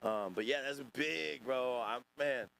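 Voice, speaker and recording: A man's voice: mid-range voice, slow pace, gravelly, a bit bright. Profane man hosting a livestream. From Northern California. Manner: profane, rambling, talks to chat. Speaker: podcast host. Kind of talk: casual livestream chat reacting to chat.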